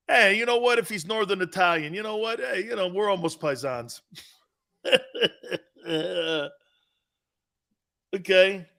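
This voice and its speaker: A man hosting a live sports talk show, joking loudly with viewers, reading their comments and laughing often. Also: high voice, creaky. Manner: joking, loud, laughs often, calls out chat names.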